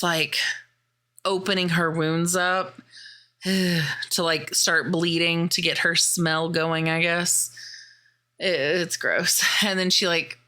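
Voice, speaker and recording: Female podcast host, lowish pitch, bright forceful tone, casual and filler-heavy. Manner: chatty, filler-heavy, swears freely. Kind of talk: casual movie recap.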